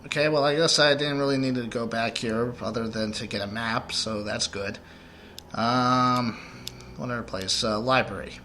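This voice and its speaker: A man's voice: medium pitch, steady tone, moderate pace, pushed and bright, slight background noise. A man giving rambling, joking let's play commentary while he plays.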